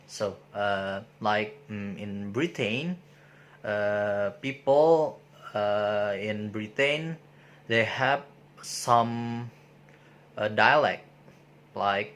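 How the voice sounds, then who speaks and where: A man giving an informal spoken lecture, pausing often with filler sounds and restarting his sentences. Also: fairly low pitch, fairly bright tone. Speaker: presenter explaining sociolinguistics.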